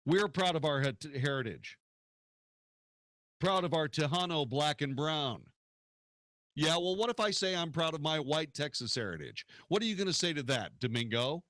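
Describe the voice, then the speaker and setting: A man's voice: fairly high pitch, animated, moderate pace, a bit bright, dry recording, studio quality. A man hosting a political talk radio show, arguing his points in a combative way and firing off rhetorical questions.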